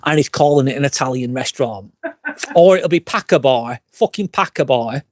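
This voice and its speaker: Speaking at a moderate pace with an expressive, medium-pitched voice and no echo, a slightly drunk English vlogger streams live from a glamping site fire pit. He reads viewer comments and goes off on foul-mouthed, wandering rants.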